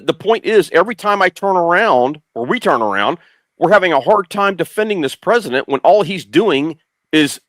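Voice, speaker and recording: A man's voice: fairly high pitch, fairly bright tone, no room sound. Blunt insistent middle-aged man, dry sound. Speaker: guest commentator. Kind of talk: casual political talk show.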